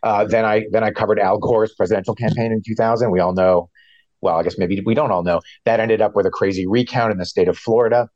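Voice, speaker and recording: A middle-aged man, a veteran reporter, explaining events in a measured way with frequent restarts. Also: fairly low pitch, steady tone, darkish tone, no echo, dull audio. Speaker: veteran White House reporter. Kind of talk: conversational interview answers.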